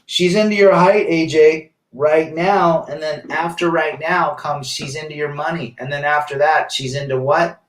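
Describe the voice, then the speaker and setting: A man's voice: fairly high pitch, steady tone, normal speed, few pauses. Man, live-stream host, reads comments aloud, emphatic, echoey room, distant mic. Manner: reads viewer comments aloud and riffs on them; emphatic, rhetorical questions. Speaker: livestream host reading chat. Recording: roomy echo, set back from the mic.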